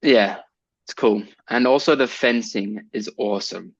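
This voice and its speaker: A man's voice: fairly low pitch, unhurried, no echo, dull audio. A man co-hosting a podcast in casual chat, laughing often and trailing off with "I don't know". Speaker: podcast co-host.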